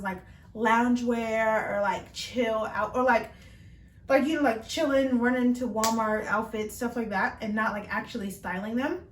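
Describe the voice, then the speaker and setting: A young woman chatting casually in a fashion try-on haul, bubbly and full of fillers, speaking from across the room. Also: on the high side. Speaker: fashion vlogger. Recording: roomy sound from far off.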